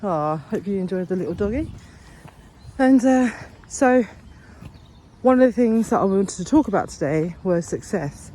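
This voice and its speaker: A woman's voice: mid-range voice, animated, moderate pace, mellow, slight background noise. A woman talking earnestly and encouragingly in a casual walk-and-talk vlog outdoors, rambling a little as she goes. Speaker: vlogger. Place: outdoors on a walk along a path.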